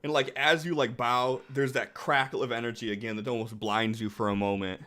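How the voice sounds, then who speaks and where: A man narrating a tabletop game as the game master, in a relaxed way with lots of fillers. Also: medium pitch, a little fast.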